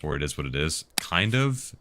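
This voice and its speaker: A man with an extremely low voice talks casually over his gameplay, answering viewers' tech questions as he plays. Clear background noise and clicking sounds run behind his voice the whole time. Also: big pitch swings, normal speed, bright, forceful tone. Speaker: game streamer answering chat. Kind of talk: casual live-stream commentary.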